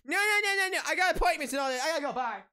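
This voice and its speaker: A man putting on a mocking, high whiny voice for a lazy female coworker who dodges her work with sing-song excuses. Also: expressive, racing, bright, forceful tone, heavily acted. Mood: whiny dismissive.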